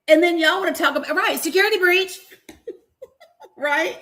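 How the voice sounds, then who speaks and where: A livestream host with a very high-pitched voice talks fast as she reads a deposition aloud on a casual stream. She's animated, laughing, swearing frankly and making asides to viewers, whom she calls y'all.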